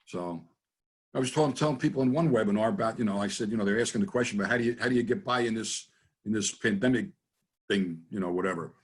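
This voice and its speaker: Fast-talking husky man on a video call. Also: on the low side. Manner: rambling, jokey, with many restarts. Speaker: guest, business trainer. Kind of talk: casual storytelling in a webinar interview.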